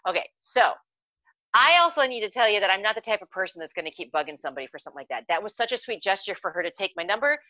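A woman on a podcast spinning a story in loose, casual chat, excitable and quick to curse. Her voice is bright and forward. The sound is dry and a little dull, like a lo-fi home recording. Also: mid-range voice, no room sound. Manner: excitable and animated, swearing casually. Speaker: podcast co-host.

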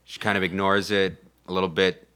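A man's voice: low-pitched, little pitch movement, fairly quick, pushed and bright, smooth. A man co-hosting a podcast, recapping a movie in rambling casual chat with many fillers.

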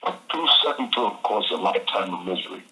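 Animated man over a phone line. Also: low-pitched, fast talker. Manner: animated, repeats phrases, says "man" often. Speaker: interview guest. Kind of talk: casual storytelling.

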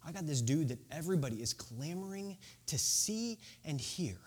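A man's voice: on the high side, lively intonation, moderate pace, husky, pitched below the performer's own voice. A man voicing a wealthy male tax collector, eagerly ordering a servant to round everyone up for a feast. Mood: excited.

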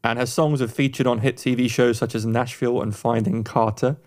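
A man's voice: medium pitch, flat delivery, a little fast. Chatty, enthusiastic male podcast co-host. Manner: enthusiastic, rambling, many restarts and fillers. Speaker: podcast co-host reviewing songs. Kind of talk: casual music review chat.

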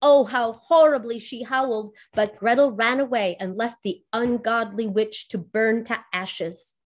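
A woman's voice: a little high, steady tone, a little slow. Woman reading a fairy tale aloud. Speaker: storyteller.

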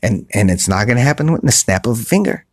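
A man hosting a podcast, giving earnest, repetitive motivational talk in a soft voice, recorded on his phone outside on a patio. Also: medium pitch, expressive, quick pace, dry recording, clean studio sound. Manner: earnest, repetitive, restarts often; speaking softly. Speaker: podcast host. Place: outdoor patio by a pool at night.

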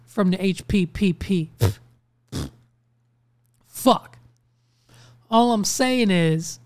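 A young man rants his way through a casual podcast monologue, swearing freely as he talks. His voice comes through smooth and resonant, recorded close and dry with no room sound. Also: high-pitched, takes it slowly, pauses often, dry recording. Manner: ranting, profane, animated storytelling. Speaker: podcast host.

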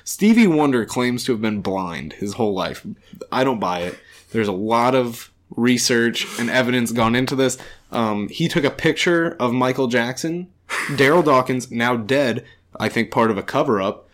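A man with an ordinary mid-range voice co-hosts a casual movie review. He delivers outlandish claims in a flat, mock-serious tone, as if reading out a case. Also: medium pitch, moderate pace. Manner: deadpan, mock-serious hot takes. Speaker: podcast co-host.

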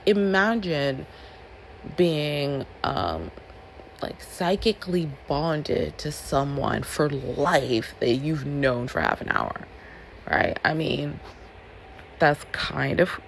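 Woman book reviewer, low voice with a gravelly edge, unhurried, lively swoops in pitch; chatty, acts out quotes. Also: a little hiss or hum. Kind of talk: casual book review chat.

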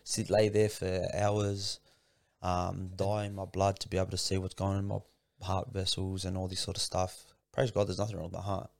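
A man with a low, gravelly voice talks as a podcast guest. He speaks earnestly and informally, stumbles over repeated words as he tells his story, and the sound is close and dry. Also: completely flat delivery, normal speed, no room sound. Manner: earnest, repeats words and restarts often, says "man" and "bro". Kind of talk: casual heartfelt interview.

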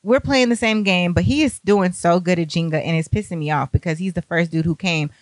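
A young woman telling a party story, animated and profane, acting out what people said. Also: fairly low pitch, a little fast, no room sound. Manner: animated, profane, acts out quotes. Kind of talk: casual storytime.

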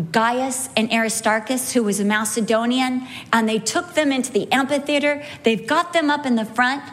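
A middle-aged woman teaching from the Bible, telling lively stories and slowing down to stress key points. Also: a little high. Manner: animated storyteller, slows for emphasis. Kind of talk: sermon teaching with anecdotes.

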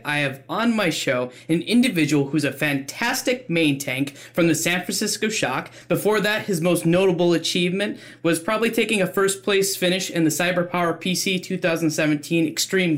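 A man's voice: a little high, fairly bright tone. Eager man hosting an interview. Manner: eager, stumbling over words. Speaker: podcast host. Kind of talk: casual interview.

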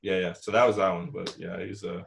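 A man's voice: deep voice, flat delivery, a little fast, creaky, slight background noise. A young man telling a long story in casual chat, rambling with lots of "like" and "you know" and the odd swear word.

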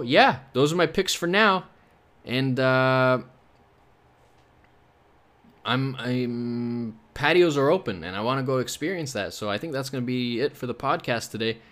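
A man's voice: medium pitch, fairly bright tone. Rambling joking young man podcasting. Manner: rambling, joking, sarcastic asides. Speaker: podcast host. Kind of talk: casual solo podcast chat.

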